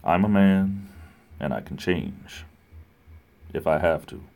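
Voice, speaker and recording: A man putting on a smooth male radio DJ voice, slow and mock solemn like an announcer. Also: low voice, animated, darkish tone, heavily acted.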